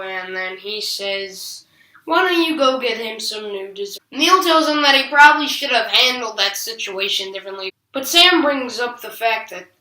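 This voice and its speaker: A woman's voice: on the high side, pushed and bright. A woman recapping a TV episode in casual, slangy chat with sarcastic asides. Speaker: TV episode reviewer. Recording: roomy echo, distant from the mic.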